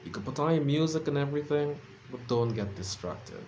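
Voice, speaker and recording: A man's voice: a little high, lively intonation, brisk, darkish tone, a little hiss or hum. A sleepy man rambling casually in a late-night vlog, self-deprecating and full of fillers and restarts. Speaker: vlogger. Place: his room at home.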